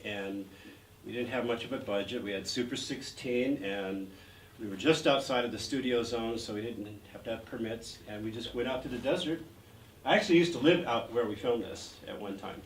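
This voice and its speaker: A man's voice: mid-range voice, moderate pace. A man in his sixties recounts his career as a guest in an interview, rambling with frequent fillers. He is recorded from a distance in a reverberant gallery with faint background noise. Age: 60s. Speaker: actor guest. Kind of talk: anecdotal interview storytelling. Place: art gallery event.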